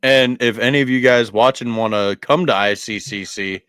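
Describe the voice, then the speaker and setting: A man co-hosting a podcast in casual chat, relaxed and quick to laugh. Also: mid-range voice, clear, resonant tone, dry recording. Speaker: podcast co-host.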